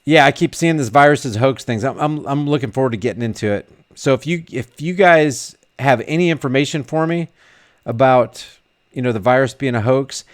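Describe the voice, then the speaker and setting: A man vlogging casually, reading viewer comments aloud and rambling with frequent restarts and repeated words. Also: medium pitch. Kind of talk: casual live chat.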